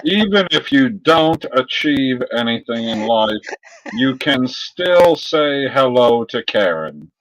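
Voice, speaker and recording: A man's voice: mid-range voice, big pitch swings, slow, fairly bright tone, a little hiss or hum, rough recording. A man co-hosting a podcast, teasing his co-host and greeting viewers in casual chat.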